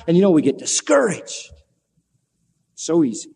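Animated preacher man in a reverberant hall. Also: a little high, a little fast, slight background noise. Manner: animated storytelling preacher, acts out quoted lines. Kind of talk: sermon.

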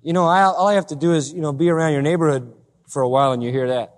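A male pastor preaching a sermon, full of rhetorical questions and building to forceful, emphatic climaxes. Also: on the high side, steady tone, very fast. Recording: long hall reverb.

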